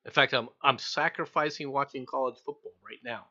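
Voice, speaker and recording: An American man co-hosting a casual news stream, opinionated and quick to laugh. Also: mid-range voice, lo-fi sound. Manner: animated, opinionated, laughs often. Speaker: co-host reading news stories.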